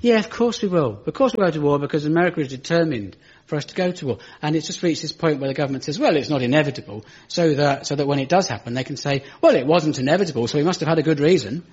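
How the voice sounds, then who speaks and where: A man's voice: lively intonation, fast talker, few pauses, a little mellow, husky, muffled recording. A British man doing stand-up comedy on a radio show, dry and self-mocking, taking questions from a studio audience. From Britain. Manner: dry, self-mocking, rises to exasperated high pitch.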